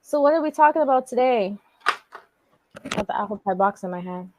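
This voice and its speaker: A woman's voice: a little high, lively intonation, fairly quick, slight background noise. A woman co-hosting a podcast, recapping a wrestling show in a loose, rambling way with lots of fillers and slang. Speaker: podcast co-host. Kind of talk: casual wrestling chat.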